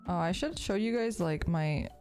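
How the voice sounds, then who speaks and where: A woman's voice: fairly low pitch, normal speed, darkish tone, faint music behind. Rambling, self-deprecating woman streamer. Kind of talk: casual chat while building a model kit.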